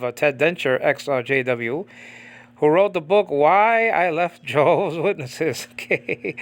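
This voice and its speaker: A man teaching an informal Bible study, rambling with many fillers, often asking if the listener understands, and reciting verses slowly and deliberately. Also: a little high, fairly bright tone, clean tone. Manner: rambling, many fillers, keeps asking "you understand what I'm saying?". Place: in the Philippines.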